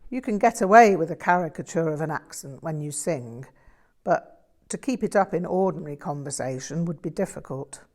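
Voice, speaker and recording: A woman's voice: deep voice, expressive, normal speed, darkish tone. A woman voicing a modest, reflective young English man who talks about himself in a self-deprecating way.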